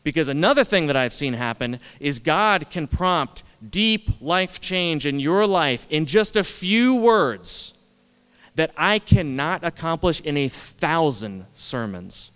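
A man delivers a sermon in a relaxed, conversational way, often laughing at himself and leaning on repeated words. His voice is smooth and resonant. The sound carries a long reverb from a large church hall. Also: a little high, slow. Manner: conversational, self-deprecating, repetitive for emphasis. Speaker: pastor.

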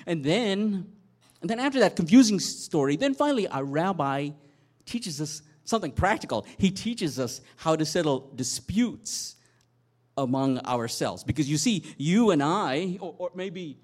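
A man preaching a sermon, telling a Bible story with animated storytelling and dramatic swings in loudness. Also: high voice. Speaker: pastor.

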